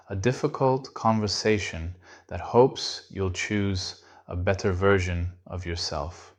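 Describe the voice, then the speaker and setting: Low-voiced man narrating a reflective essay. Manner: measured, reflective. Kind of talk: scripted narration.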